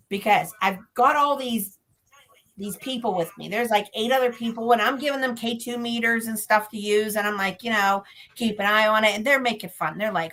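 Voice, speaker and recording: A woman guest describing ghost investigations in lively storytelling, acting out other people's lines and laughing often. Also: mid-range voice, rough recording. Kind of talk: animated storytelling.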